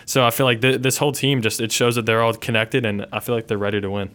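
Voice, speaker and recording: Fast, rambling man sports panelist. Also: mid-range voice, flat delivery, a bit bright. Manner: rambling, lots of fillers. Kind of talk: casual sports talk.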